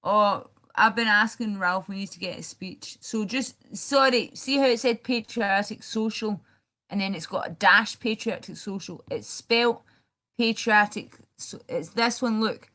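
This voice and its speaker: A woman's voice: medium pitch, a little slow, bright, forceful tone. A young woman hosting a casual livestream, rambling as she reads viewer comments aloud and answers them. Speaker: livestream host.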